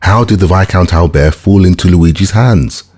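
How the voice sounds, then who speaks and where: A man reading an audiobook, voicing an anxious young gentleman who speaks politely but urgently. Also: low voice, normal speed.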